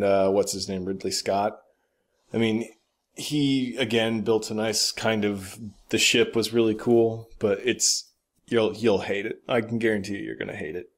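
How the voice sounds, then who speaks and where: A man co-hosting a podcast, chatting casually about games and movies with blunt, opinionated remarks and casual swearing. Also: fairly low pitch. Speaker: podcast co-host.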